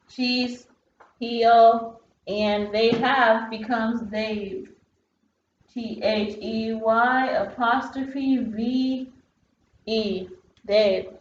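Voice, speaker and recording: A woman teacher giving an online phonics lesson, explaining patiently step by step with the odd "um" while she writes on a board. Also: mid-range voice. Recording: roomy, dull lo-fi classroom sound.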